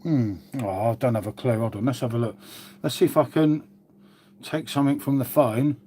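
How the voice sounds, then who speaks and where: A man's voice: mid-range voice, moderate pace, mellow, slight background noise. A man chatting casually on a live stream, rambling and swearing now and then. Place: outdoors.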